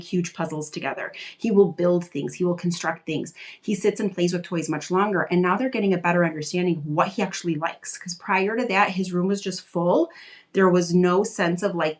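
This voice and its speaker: Chatty woman coaching parents. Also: on the low side. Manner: conversational, reassuring, frequent "like" fillers. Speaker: parenting coach answering viewer questions. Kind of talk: casual live Q&A advice. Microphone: live video stream.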